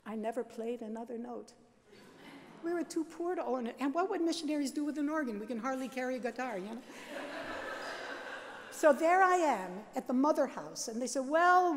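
Older nun, storyteller, bright high voice, self-mocking humor, reverberant chapel. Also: female voice. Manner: lively, self-mocking, laughs often. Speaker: Catholic sister and worship leader. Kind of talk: storytelling talk. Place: large seminary chapel.

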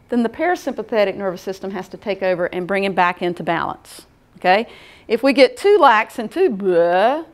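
Middle-aged woman, workshop presenter; casual lecture, conversational, keeps asking "okay?". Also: mid-range voice. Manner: folksy, conversational, checks in with "okay?".

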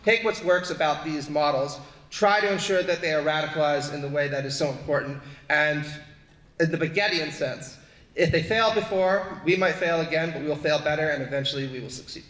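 A man with a fairly high voice argues his case earnestly at a panel. The room is echoey, with a long reverb trailing his words. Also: brisk, fairly bright tone. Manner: earnest, argumentative. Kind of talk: academic panel talk. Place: lecture hall.

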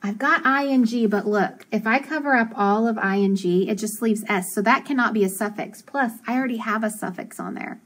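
A woman teacher giving a phonics lesson for children, sounding out syllables slowly and clearly and praising her students. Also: fairly high pitch, fairly bright tone, low-quality recording.

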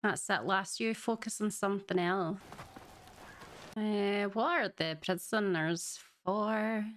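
A woman's voice: medium pitch, steady tone, slow pace, a little hiss or hum. Chatty, emotional woman reacting to a show. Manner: chatty and emotional, often laughing and gushing. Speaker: reaction video host. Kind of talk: casual first-watch reaction commentary.

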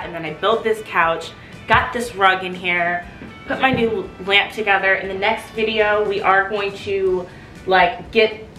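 A young woman talks in a gushing, chatty way, with lots of "like"s, in a slightly low voice. Her voice bounces around an echoey apartment room. Faint music plays underneath. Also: pushed and bright. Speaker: vlogger. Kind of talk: casual vlog chat.

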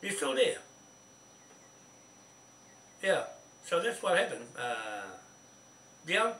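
A man's voice: high voice, sing-song, slow pace, fairly bright tone, far from the mic. A New Zealand man holds forth in a rambling, insistent way, stumbling over restarts and repeating himself. He speaks from some way off the mic, and the recording sounds echoey with a faint hiss behind him. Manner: insistent, keeps asking "see?". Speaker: speaker on a phone call. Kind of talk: rambling phone chat.

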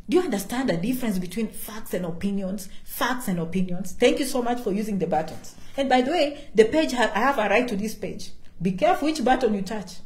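Emphatic woman with foreign-accented English, echoey. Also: fairly high pitch. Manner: emphatic, repeats key words, refers to herself by name. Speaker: vlogger giving immigration advice. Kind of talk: casual direct-to-camera talk.

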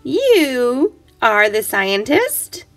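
A woman voicing a tired, put-upon hen who answers in a high, doubtful, groaning voice. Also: very animated, very slow, soft background music, exaggerated voice.

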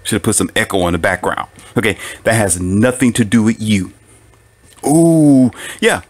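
A brisk man with a lowish voice addresses listeners with relationship advice in a casual monologue. His animated, preachy delivery includes plenty of rhetorical questions and frequent laughter at his own points.

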